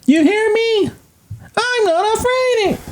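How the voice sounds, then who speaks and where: A man voicing a young boy who tries to sound brave but is scared, his voice pushed up high and strained. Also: slow. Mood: forced bravado.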